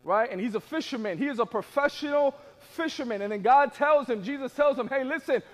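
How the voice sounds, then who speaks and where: A man preaching a sermon, building from quiet asides to shouted peaks and acting out the voices of biblical people in casual modern speech. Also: extremely high pitch, a little fast. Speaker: pastor.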